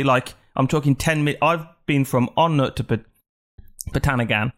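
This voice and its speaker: A man's voice: medium pitch, normal speed. A man hosting a casual podcast chat, talking bluntly with lots of swearing and rambling asides. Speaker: podcast host.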